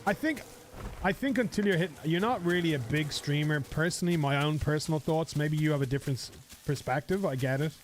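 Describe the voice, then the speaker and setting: A man's voice: fairly high pitch, brisk, a little hiss or hum. A man streaming a game live, chatting casually with viewers, rambling and swearing.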